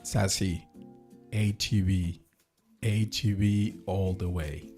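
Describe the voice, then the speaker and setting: Brief: low-voiced man, slow and dry, with teasing asides. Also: steady tone, warm tone, faint music behind. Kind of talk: casual chat.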